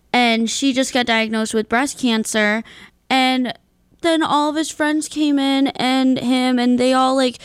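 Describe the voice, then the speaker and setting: A woman's voice: on the high side, clear, resonant tone, no echo, clean studio sound. Chatty young woman radio host. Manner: chatty, rambling, laughs often, many likes. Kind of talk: casual radio chat. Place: radio studio. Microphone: studio mic.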